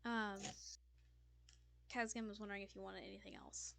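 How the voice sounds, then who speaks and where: A woman's voice: mid-range voice, fairly even intonation, normal speed, gravelly, fairly bright tone, a little hiss or hum. A woman narrating a tabletop game as game master, casual, with many fillers and self-corrections.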